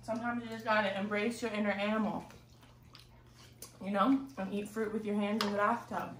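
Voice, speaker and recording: A woman's voice: medium pitch, level tone, fairly quick, background noise. A young woman talking baby talk to a pet chimp at bath time, sing-song and coaxing. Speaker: animal keeper vlogger. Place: bathtub, indoors. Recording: echoey room, distant mic.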